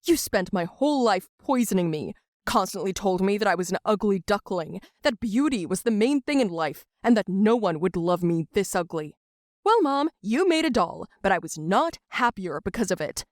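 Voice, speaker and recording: A woman's voice: medium pitch, expressive, moderate pace, darkish tone, no echo, clean studio sound, natural voice. Woman voicing an anxious, controlling mother. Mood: tearful, angry.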